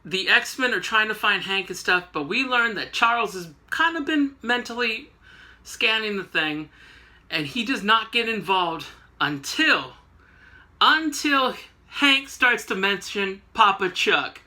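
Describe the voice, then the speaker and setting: Brief: male host, casual rambling comic recap, joking asides, very bright sharp tone. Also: high voice, animated, measured pace. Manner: rambling, joking, many fillers.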